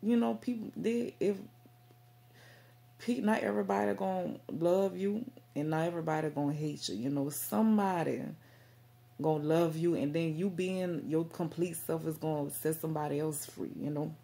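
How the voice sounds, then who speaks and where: Woman vlogger, low and gravelly, rambling casual faith talk. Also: normal speed, mellow. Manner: rambling, repetitive fillers.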